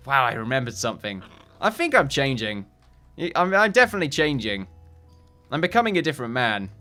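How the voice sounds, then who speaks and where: A man's voice: medium pitch, sing-song, brisk, sharp tone, faint music behind. A man hosting a let's play, rambling and joking at his own expense in casual commentary. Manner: rambling, self-mocking, jokey. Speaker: gaming channel host.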